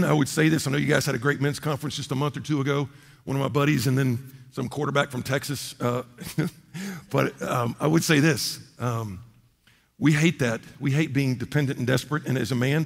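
A man preaching a sermon, swinging between loud emphatic peaks and low, quiet asides. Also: creaky. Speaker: pastor. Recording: long hall reverb.

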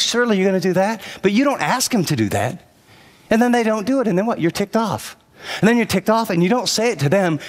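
A male pastor delivering a sermon in a slightly high voice for a man. He tells stories from his own life, then turns straight to the audience with urgent, repeated lines that hammer each point home. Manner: storytelling, then urgent direct address to the audience; repetitive emphatic phrasing.

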